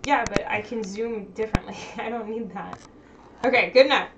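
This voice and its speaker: Chatty stream host lady at home, kinda high voice, laughs a lot. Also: moderate pace, dull audio, noisy background. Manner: chatty, laughing, talking to chat while fixing tech. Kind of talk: casual live-stream chat.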